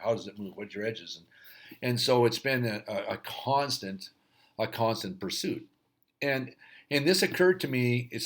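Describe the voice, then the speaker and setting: A middle-aged man and hockey coach, talking through a casual reflective rant, rambling with many restarts. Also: lowish voice.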